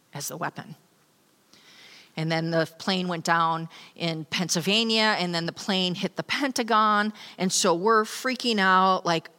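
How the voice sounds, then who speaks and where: A woman from New York giving a personal testimony to an audience, telling her story with lively storytelling. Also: lowish voice, in a large hall. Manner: animated storytelling, acting out quoted voices. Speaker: speaker sharing a testimony.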